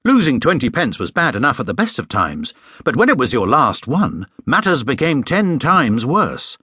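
A man narrating a children's storybook with an expressive, gently humorous delivery. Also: medium pitch, moderate pace, husky, no room sound, studio quality. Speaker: audiobook narrator. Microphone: studio microphone.

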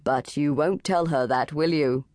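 A woman voicing a kindly, jolly older male gardener who speaks low and slow, with a fond chuckle. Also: darkish tone, no echo, studio quality.

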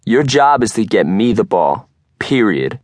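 A man voicing a brash, cocky teenage quarterback who shouts taunts in street slang. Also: fairly low pitch, big pitch swings, measured pace, dry recording, clean studio sound. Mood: taunting.

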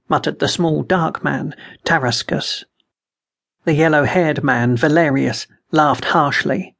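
A man narrating an unabridged fantasy audiobook in a measured, dramatic way. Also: fairly high pitch, fairly even intonation, creaky, fairly bright tone.

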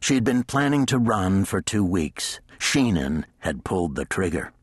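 Deep, husky male audiobook narrator. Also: very animated, measured pace, no echo, clean studio sound. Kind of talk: scripted narration.

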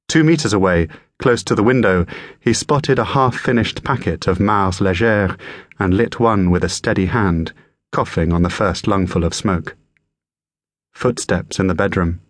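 A man reading a thriller audiobook aloud in a measured, even storytelling manner. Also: fairly low pitch, no room sound, clean studio sound. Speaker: audiobook narrator. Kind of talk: scripted narration.

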